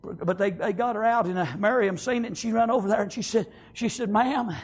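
A man's voice: high voice, fast talker. A man preaching a fervent sermon, peppering it with amens and praise God.

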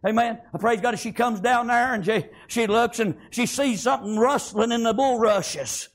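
A man preaches a fervent sermon in a voice pitched very high for a man, rough and gravelly. He speaks at normal speed and keeps dropping in amens between his lines.

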